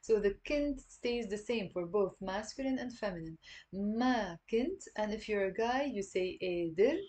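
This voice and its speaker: A woman with a Lebanese accent giving an online language lesson, patiently repeating words slowly for learners. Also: medium pitch, animated, darkish tone. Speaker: Arabic dialect teacher.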